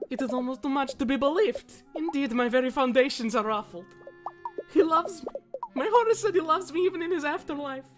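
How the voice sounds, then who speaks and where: A woman's voice: sits high, lively intonation, brisk, over music, pitched above the performer's own voice. A woman voicing a sly old widow with a grand, mock-dramatic way of talking. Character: theatrical old widow, sly and self-satisfied.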